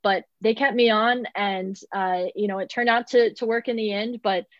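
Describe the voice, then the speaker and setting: A woman's voice: medium pitch, fairly even intonation, moderate pace, no echo. Young woman sportscaster chatting, lots of ums, dry and kinda muffled audio. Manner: chatty, many fillers, laughs often. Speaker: minor league baseball broadcaster. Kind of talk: casual interview answers.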